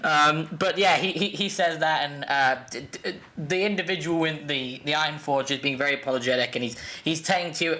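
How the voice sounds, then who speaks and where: A man's voice: on the high side, brisk, hardly any pauses, bright, forceful tone. A man narrating as game master of a tabletop game, rambling with frequent restarts.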